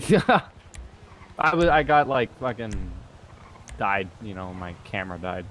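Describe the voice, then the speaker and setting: A young man talking quietly and casually during a crime roleplay game, laughing easily. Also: on the low side, expressive, moderate pace, slight background noise. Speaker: roleplay partner. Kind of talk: casual in-character game chat.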